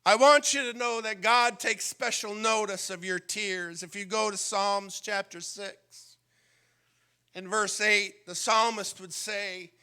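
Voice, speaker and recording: A man preaching a sermon as pastor, moving from calm teaching to fervent, rising preaching and dropping to a whisper for quoted prayers. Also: high voice, takes it slowly, clean tone. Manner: drops to a whisper when quoting a prayer.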